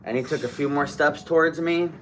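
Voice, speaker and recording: A young man from Ohio, co-hosting a podcast, telling a story in a casual, animated, profane way. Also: on the high side, a little fast, slight background noise. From Toledo, Ohio. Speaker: podcast co-host. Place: podcast studio.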